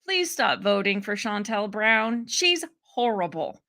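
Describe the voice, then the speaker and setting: Casual commentator, young woman from Ohio, lively chatter, brightly toned voice. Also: medium pitch, slow pace. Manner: chatty, laughing, animated asides. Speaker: political commentary streamer.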